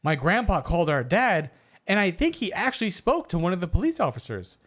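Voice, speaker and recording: A man co-hosting a comedy podcast, chatting casually and reading posts aloud in an animated, jokey way. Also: sits high, a little fast. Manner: animated, jokey, slips into silly voices. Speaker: podcast co-host.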